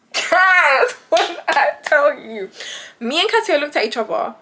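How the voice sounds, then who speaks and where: A young British woman vlogger telling a story casually, animated and laughing often, acting out the voices of the people in it. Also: high voice, unhurried, noisy background.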